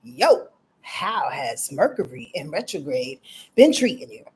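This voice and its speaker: A woman's voice: low voice, very animated, a little slow, darkish tone, husky. A middle-aged woman chatting casually as an astrologer hosting a livestream, greeting viewers by name and ranting freely. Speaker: astrologer and channel host.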